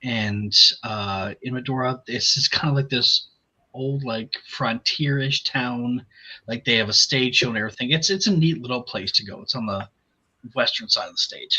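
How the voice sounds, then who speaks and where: Bright-voiced man on a dull mic. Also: medium pitch, normal speed, husky. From North Dakota. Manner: relaxed, rambling with fillers. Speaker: player. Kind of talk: casual storytelling at a game table.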